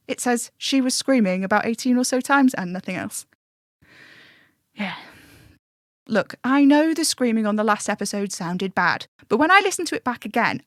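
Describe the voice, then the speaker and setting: A woman's voice: a little high, fairly bright tone, no echo, studio quality. A woman voicing an earnest, matter-of-fact stand-in male radio advice host who over-explains things, in an audio drama. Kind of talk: scripted audio drama monologue.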